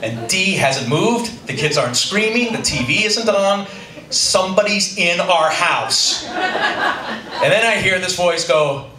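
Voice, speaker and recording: A man's voice: sits high, lively intonation, slow pace, bright, forceful tone. Dry-humored middle-aged male storyteller. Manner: dry, self-deprecating humor. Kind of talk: live personal storytelling. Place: live stage before an audience. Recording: roomy, distant stage recording with audience noise.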